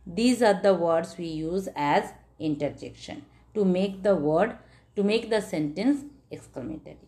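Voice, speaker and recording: A woman teaching an English grammar lesson, explaining slowly and deliberately in non-native phrasing and stressing words hard in her example sentences. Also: lowish voice, lively intonation, mellow. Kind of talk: classroom-style grammar lesson.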